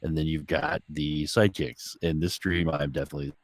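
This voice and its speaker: A man co-hosting a live stream, joking around in relaxed casual chat. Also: a bass voice, fairly quick, no echo.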